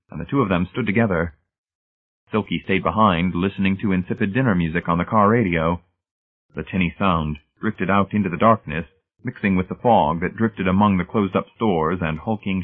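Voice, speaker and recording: A man reading a novel aloud as audiobook narrator, in steady, measured scripted narration. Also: sits low. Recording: tinny phone-like band.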